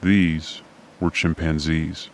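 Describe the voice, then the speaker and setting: A man narrating a whimsical story with dry, deadpan humor. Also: a bass voice, slow pace, slight background noise.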